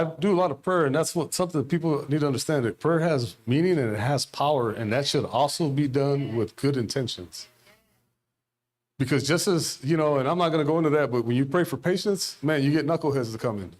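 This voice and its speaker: A middle-aged man giving an informal sermon at a church service, rambling and conversational, telling stories with quoted dialogue. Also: on the high side. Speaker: lay preacher.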